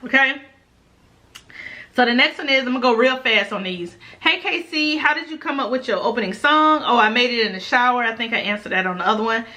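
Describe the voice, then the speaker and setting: Bright-voiced chatty Florida woman. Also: fairly high pitch, expressive, fast talker. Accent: South Florida. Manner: chatty, laughs often, says "y'all". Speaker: mukbang YouTuber answering viewer questions. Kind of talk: casual chat to viewers.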